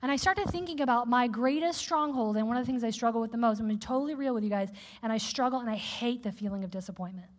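A woman preacher giving a sermon in a candid, conversational, animated way. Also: fairly high pitch, quick pace, few pauses. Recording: echoey hall with long reverb.

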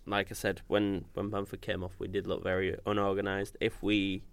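A man's voice: low-pitched, monotone, moderate pace, creaky, clean tone, no echo. A man co-hosting a casual football podcast, talking loosely and restarting his words. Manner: casual, repeats words when starting. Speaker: podcast co-host. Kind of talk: football fan podcast chat.

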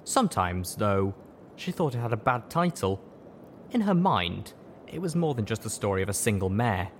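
Low-voiced man reading a story aloud. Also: big pitch swings, normal speed, a little hiss or hum. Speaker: narrator. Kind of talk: audiobook reading of fan fiction.

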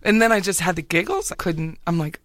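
A woman co-hosting a podcast, telling stories in a lively way and often laughing. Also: on the low side, fairly quick, dry recording. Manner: animated storyteller, laughs often. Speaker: podcast co-host, realtor. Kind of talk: casual chat.

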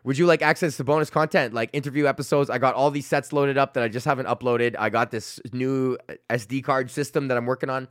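A man's voice: mid-range voice, fairly even intonation, quick pace, no echo, studio quality. A young man hosting his own comedy podcast, ranting with constant swearing and frequent laughter. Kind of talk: profane solo rant.

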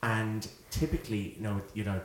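A young man in his twenties, a podcast co-host, telling an animated story in casual chat, often laughing and acting out quotes. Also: on the low side, normal speed. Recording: echoey room with faint noise.

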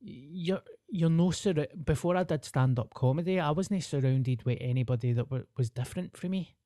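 A man's voice: fairly high pitch, moderate pace, warm tone, dry recording, studio quality. A young Scottish man, a comedian, chatting on a podcast and telling stories in broad dialect with plenty of swearing. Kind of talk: casual chat.

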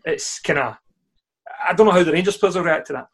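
A man's voice: fairly high pitch, fairly quick. A Scottish man co-hosting a casual football podcast, chatty, swearing freely and laughing often. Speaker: podcast co-host.

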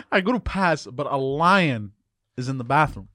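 Halting male storyteller on a podcast. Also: a little high, expressive, sharp tone, dry recording, clean studio sound. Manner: halting, many fillers and restarts, laughs off teasing. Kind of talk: casual storytelling.

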